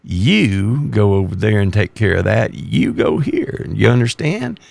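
Guy putting on a laid-back veteran cop boss, slow low drawl, gravelly. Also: big pitch swings, darkish tone, no room sound, full character voice. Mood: calm, unhurried. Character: calm veteran male police lieutenant, slow and unhurried.

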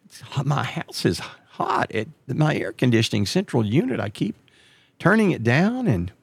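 A middle-aged man tells a long story in a casual monologue. His gravelly voice rises and falls a lot, and it jumps high whenever he quotes someone else. The sound is dry and close, with no room echo. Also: moderate pace. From Texas. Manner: animated, jumps way up in pitch when quoting others.

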